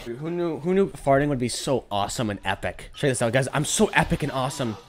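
A man giving casual, sarcastic gameplay commentary, joking around and breaking into sudden high squeals and shouts. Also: lively intonation, quick pace. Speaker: gaming commentator. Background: game music.

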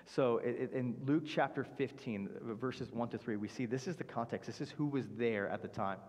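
A man preaches in a relaxed, chatty way, slipping in "like" and briefly voicing the characters he describes. He is at a middle pitch, and his voice carries a long reverb tail from the church sanctuary around him. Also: normal speed. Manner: conversational preaching, acts out characters' speech with fillers like "like". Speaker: pastor. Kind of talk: sermon.

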